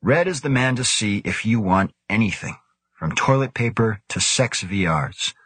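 A man's voice: fairly low pitch, animated, moderate pace, a bit bright, breathy edge, no room sound, pitched above the performer's own voice. A man voicing a gossipy male scientist who likes to tease his colleagues. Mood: teasing. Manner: teasing.

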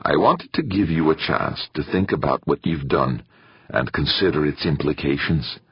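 A man voicing a weary older male committee chairman who speaks in a measured, grave way. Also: low voice, big pitch swings, breathy edge, no room sound, muffled recording, pitched above the performer's own voice, exaggerated voice. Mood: grim.

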